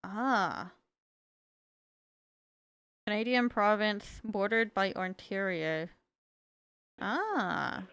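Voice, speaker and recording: A woman's voice: medium pitch, lively intonation, extremely slow, long pauses, a bit bright, clean tone, dry recording. A woman from the United States with a Southern accent, chatting playfully with her live stream audience while she paints. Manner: chatty, playful, self-mocking. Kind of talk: casual chat while painting. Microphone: streaming mic.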